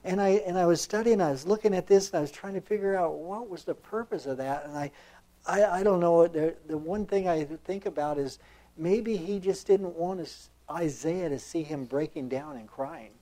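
A man's voice: a little high, normal speed, mellow. A man preaching a sermon in a reflective, conversational way, full of fillers and restarts as he reads and comments on scripture.

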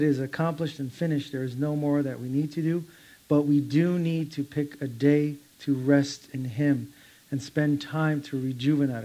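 Male pastor, slightly high voice, casual storytelling sermon style. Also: mellow. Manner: conversational storytelling with quoted voices; laughs while telling stories. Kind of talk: informal sermon.

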